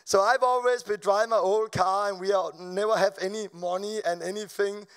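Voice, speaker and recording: A man preaching at a live event, telling a personal testimony in an animated, stop-start way, laughing often and repeating words as he goes. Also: sits high, moderate pace, smooth. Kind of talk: storytelling testimony. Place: live event before an audience.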